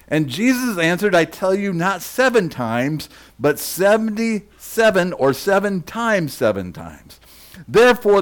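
A man preaching a sermon to his congregation, reading scripture and breaking off into casual asides to listeners in the room. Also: high voice. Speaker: pastor.

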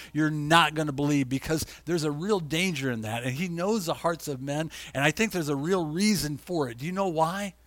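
Male preacher, slightly high bright voice, emotional and urgent sermon, dry sound. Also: no echo. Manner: emotional, impassioned preaching that swings from tearful and hushed to loud and urgent; reads scripture aloud with asides to the congregation.

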